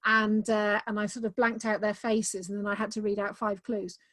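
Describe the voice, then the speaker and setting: A woman's voice: mid-range voice, flat delivery, normal speed, fairly bright tone, no room sound. A woman author talking enthusiastically about her books in a casual video-call interview, with many "um"s. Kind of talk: casual conversation.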